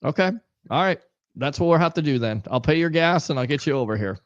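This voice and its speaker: A fairly high-voiced man hosts a live sports call-in stream, ribbing his guests and reading out viewer comments. His manner is jokey and animated. The sound is dry and a little dull, with no room around it. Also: fast, dry recording. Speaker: host.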